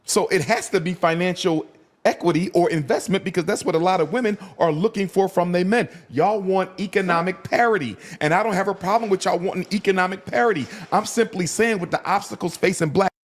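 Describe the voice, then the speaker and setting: Guest, man, firm lecturing debater, somewhat high pitch. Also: fairly quick. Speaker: guest speaker. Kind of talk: argumentative discussion.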